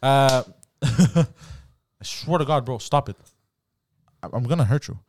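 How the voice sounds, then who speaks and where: A man's voice: mid-range voice, measured pace, darkish tone, slight background noise. A man hosting a comedy podcast, bantering loosely, swearing, laughing and stumbling over his words. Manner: rowdy, swearing, laughs a lot, stumbles and restarts. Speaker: podcast host.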